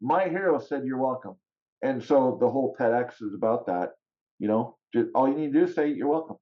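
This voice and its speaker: A podcast guest telling personal stories in casual talk, animated and often laughing. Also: male voice, mid-range voice, a little fast, highs cut off. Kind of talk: casual storytelling.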